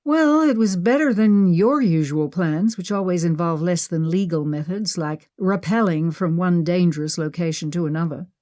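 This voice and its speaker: An impatient, restless young treasure hunter who grumbles her way through, as a woman narrator reads her. The voice is somewhat low for a woman and stays close to the reader's own. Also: moderate pace, hardly any pauses, mellow, no echo, lightly acted.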